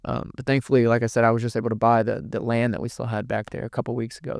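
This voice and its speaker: A young man speaks in a smooth, resonant voice that stays fairly level in pitch. He tells a personal story as an interview guest, rambling and emotional, restarting his sentences and cursing often. The sound is dry and close, with no room echo. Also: level tone, very fast. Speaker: podcast guest.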